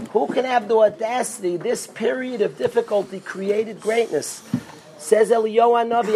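A man teaching an informal Torah class as a rabbi, animated and rising to near-shouts when excited, sprinkling in Hebrew and Yiddish terms. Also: high voice, moderate pace, a little hiss or hum.

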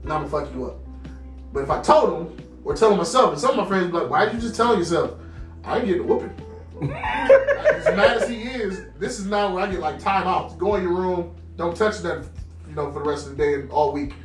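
A man chatting on a podcast, his voice rising and falling as he acts out old family scenes. He sounds set back from the mic in an echoey room. Soft music runs underneath. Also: high-pitched, fairly quick. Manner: animated, acts out quoted parents and friends. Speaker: podcast co-host. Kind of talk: casual storytelling chat. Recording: roomy sound from a distant mic with faint music.

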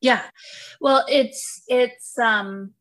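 A woman's voice: fairly high pitch, drawn-out words, fairly bright tone. A woman in her thirties co-hosting a podcast, chatting casually with frequent fillers and laughs. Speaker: podcast co-host. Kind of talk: casual chat.

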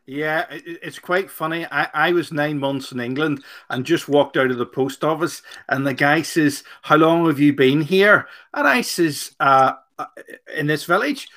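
A man's voice: on the high side, normal speed, pushed and bright. A man co-hosting a live chat, reading viewer comments and telling jokey stories with a teasing edge. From Northern Ireland. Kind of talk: casual live-stream chat.

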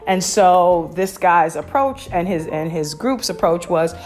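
A woman's voice: lowish voice, animated, a little slow, a little mellow, faint music behind. Give me a candid woman podcast host talking casually. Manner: candid, opinionated, lots of fillers and restarts. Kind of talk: casual chat.

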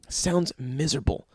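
A young man talks alone on his podcast in a loose, profane, rambling rant. His voice sits a little high and jumps up and down a lot as he gets worked up. The sound is dry and close, with no room echo. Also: husky. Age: young adult. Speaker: podcast host. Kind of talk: crude solo podcast rant.

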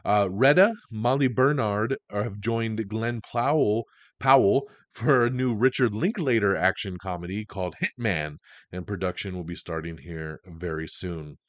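A man with a fairly low voice hosts a podcast and chats through the week's entertainment news. He is casual and slangy, and often gets excited. The sound is dry and close to the mic. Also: measured pace, dry recording. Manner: enthusiastic, slangy, chatty. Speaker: podcast host.

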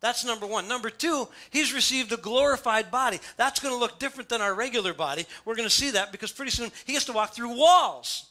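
A man preaching a sermon in a church, reading scripture aloud and explaining it in an animated, storytelling way. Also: very high-pitched, brisk, few pauses. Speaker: pastor. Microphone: church sound system.

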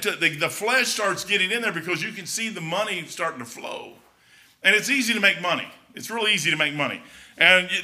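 A man's voice: fairly high pitch, pushed and bright. A middle-aged man with a folksy, blunt manner gives a casual, rambling talk with a preaching edge, full of restarts and asides. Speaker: Christian speaker.

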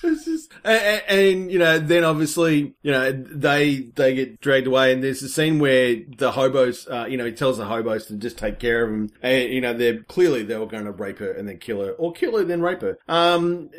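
A man casually retelling a film's plot in a rambling, excitable way, full of fillers and restarts. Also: mid-range voice, normal speed, hardly any pauses. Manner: excitable storytelling. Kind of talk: casual film recap chat.

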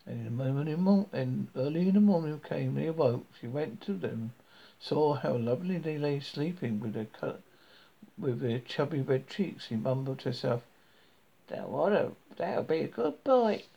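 A man reading a fairy tale aloud, halting and often stumbling over words, on a dull lo-fi recording. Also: mid-range voice, vocal fry, dark tone. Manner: halting, with frequent stumbles and restarts. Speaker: storybook reader.

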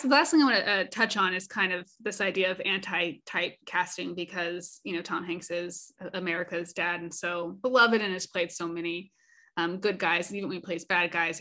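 A woman's voice: on the low side, sharp tone. A woman co-hosting a casual podcast discussion, thoughtful and often reading review quotes aloud. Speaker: podcast co-host.

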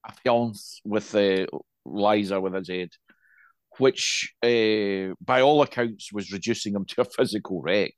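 Low-voiced man rambling through a chat. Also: unhurried, no echo. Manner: rambling, many restarts and asides. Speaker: podcast co-host. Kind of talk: casual chat.

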